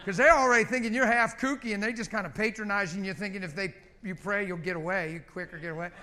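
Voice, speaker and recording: High-voiced preaching man. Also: fairly even intonation, fast talker, bright, forceful tone. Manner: exhorting, conversational, repeats short commands. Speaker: pastor. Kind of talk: sermon leading group prayer.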